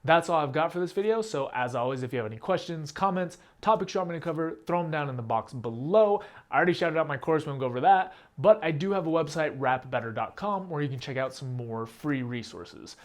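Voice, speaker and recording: A man's voice: a little high, expressive, quick pace, few pauses. A man hosting his own channel, explaining a rap technique step by step in a plain, direct, casual way. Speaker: rap teacher and channel host. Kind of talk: casual instructional talk to camera.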